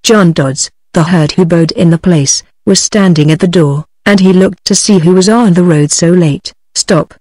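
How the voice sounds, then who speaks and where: A woman's voice: lowish voice, moderate pace, few pauses, no room sound. Synthetic British woman reading a story. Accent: British English. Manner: even synthetic text-to-speech reading. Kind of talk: scripted audiobook narration.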